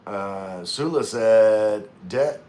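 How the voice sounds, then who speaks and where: A man's voice: lowish voice, very slow, warm tone. A man hosting a casual livestream, reading viewer comments aloud and chatting in a rambling way, often losing his train of thought.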